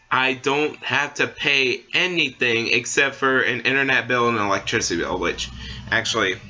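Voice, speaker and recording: Rambling young man with a bright voice. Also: medium pitch, dull audio. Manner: rambling, full of fillers and restarts. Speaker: vlogger. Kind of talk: casual opinion rant.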